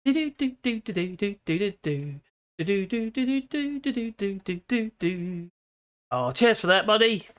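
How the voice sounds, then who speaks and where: A middle-aged British woman hosts a casual political livestream from a home room with dogs, rambling, laughing often and reading out viewer comments. Her voice is medium-pitched, expressive and a bit bright, at a normal speed with frequent pauses.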